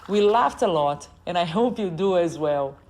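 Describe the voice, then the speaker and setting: A woman's voice: lowish voice, animated, moderate pace, a little mellow. Nasal-voiced woman podcast host with a cold. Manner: enthusiastic, repeats words for emphasis. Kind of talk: podcast interview. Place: guest's home on an island.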